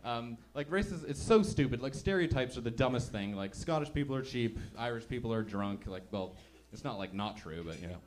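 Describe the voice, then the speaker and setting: A man's voice: medium pitch, animated, a little fast, a little hiss or hum. A man doing a stand-up comedy set in a club, chatty and self-mocking, acting out little voices as he goes.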